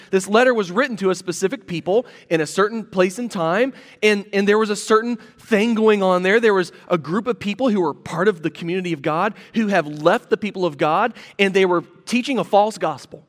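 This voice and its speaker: A man's voice: high-pitched, brisk, long reverb tail. A man preaching a sermon as pastor, teaching earnestly and repeating key phrases for emphasis.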